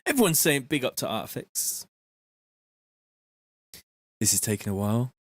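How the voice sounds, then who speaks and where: A man chatting casually on a live stream, reading out viewer messages in a relaxed, slangy way from his home studio. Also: mid-range voice, moderate pace, no room sound. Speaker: music producer streaming live.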